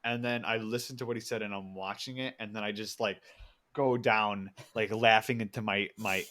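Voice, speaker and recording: A man's voice: lowish voice, fairly even intonation, normal speed, sharp tone. A young man co-hosting a podcast, telling rambling stories in casual chat, laughing often and swearing freely. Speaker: podcast co-host.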